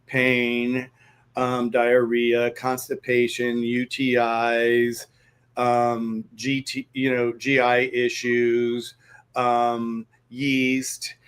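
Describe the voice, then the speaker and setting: A man, a guest in a conversation, telling a story in an animated way and acting out the dialogue as he goes. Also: medium pitch, extremely slow, smooth.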